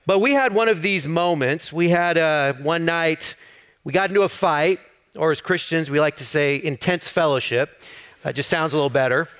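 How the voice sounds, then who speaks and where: A man's voice: a little high, moderate pace, a bit bright, clear, resonant tone. A middle-aged man, a campus pastor, preaching a sermon in an easy storytelling way with self-deprecating humor.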